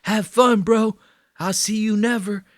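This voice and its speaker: A man's voice: high voice, steady tone, measured pace, dry recording, studio quality, voice pushed up. A man doing a mocking impression of a brash, carefree young male influencer. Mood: dismissive.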